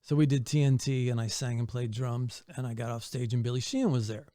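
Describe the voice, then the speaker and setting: Here a touring drummer guests on a podcast, brisk and medium-pitched, with no room sound. In casual interview storytelling, he animatedly shares studio and tour anecdotes, acting out other people's lines.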